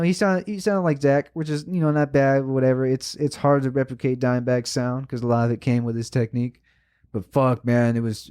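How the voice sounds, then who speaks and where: Man, podcast co-host, casual chat, animated, emotional, heavy swearing. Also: medium pitch.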